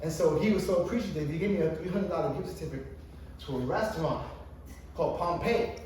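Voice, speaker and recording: A man's voice: a little high, quick pace, darkish tone. A man in his thirties doing a stand-up comedy routine at a coffee shop open mic, rambling through his story with lots of fillers and swearing. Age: 30s. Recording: echoey distant room recording with ambient noise.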